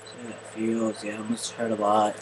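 A man doing excitable gameplay commentary, often yelling and swearing at the game. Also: fairly low pitch, moderate pace, background noise. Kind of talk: let's play commentary.

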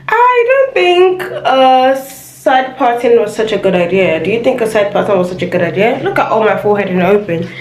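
A young woman chats to her phone camera at home, a little higher than most. She is sassy and talkative, and her voice jumps up sharply when she is outraged. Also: slight background noise, rough recording. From Nigeria. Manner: chatty and sassy, with sudden high exclamations. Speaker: vlogger. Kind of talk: casual vlog chat to camera. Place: home, indoors.

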